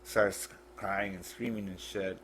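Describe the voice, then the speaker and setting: Low-voiced man telling a grim story. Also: flat delivery, a bit bright, a little hiss or hum. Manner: blunt, profane, halting retelling. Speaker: podcast guest. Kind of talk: casual storytelling.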